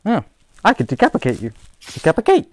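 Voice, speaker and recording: A British man playing a VR game and commentating, excitable and joking, shouting and laughing at enemies. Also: medium pitch, moderate pace, heavy background noise. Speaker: gaming YouTuber.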